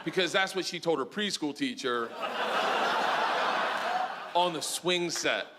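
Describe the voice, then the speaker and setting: A high-pitched, animated middle-aged male comedian telling a stand-up story, his voice swinging wide between low asides and shouted peaks. Noise from the live room hangs behind him. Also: slow pace. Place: live comedy venue with audience.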